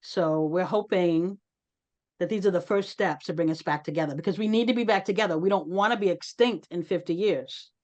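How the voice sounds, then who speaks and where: Woman host, lowish voice, earnest and conversational, video call meeting. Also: fairly quick, darkish tone, lo-fi sound. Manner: earnest, conversational, calls on participants. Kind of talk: online community meeting discussion.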